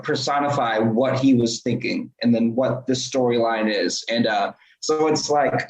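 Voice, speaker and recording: A man who plays in the band, talking in a rambling, relaxed way in a casual interview. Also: medium pitch. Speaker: band member. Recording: roomy, dull audio.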